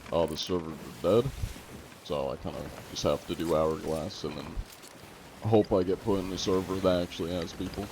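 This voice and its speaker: A male game streamer with a low, deep voice, talking loosely and chatting with his viewers. He reads chat messages aloud, laughs easily and thanks people as he plays. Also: darkish tone, a little hiss or hum. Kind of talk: casual live-stream chat.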